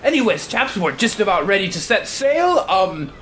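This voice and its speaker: A man's voice: high-pitched, very animated, normal speed, a bit bright, slight background noise, pitched above the performer's own voice. A man voicing a prim, proper male ship captain who speaks in a polite, old-fashioned, slightly pompous way. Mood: genial.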